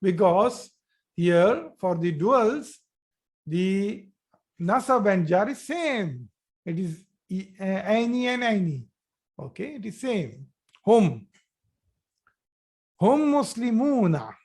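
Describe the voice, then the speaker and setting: A man's voice: high-pitched, big pitch swings, slow, long pauses, a little mellow, husky. A man teaching a grammar class online, repeating each phrase and praising students' answers. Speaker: Arabic teacher.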